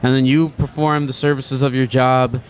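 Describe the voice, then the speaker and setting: A man in a gecko costume interviewing strangers on a city street, joking and asking quick questions into a handheld mic. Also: medium pitch, level tone, slight background noise.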